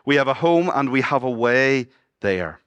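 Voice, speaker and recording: A man preaching a sermon as pastor, moving between loud exclamations and hushed, low passages and asking his congregation questions. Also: expressive, normal speed, clear, resonant tone, no echo, lo-fi sound. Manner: asks the congregation questions and jokes with them. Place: church.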